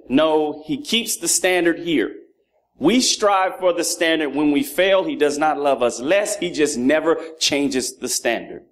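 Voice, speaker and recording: A man in his thirties, his voice a little high and his pace moderate, preaches with plenty of energy. His sermon pairs funny moments with his sons and fatherhood lessons, and he acts out what his children say in their voices.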